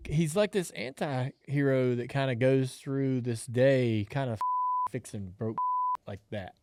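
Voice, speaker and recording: A man's voice: mid-range voice, moderate pace, a little mellow, slight background noise. A man co-hosting a podcast in casual chat, joking and retelling a movie scene. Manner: jokey, quoting movie scenes with playful outbursts. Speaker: podcast co-host.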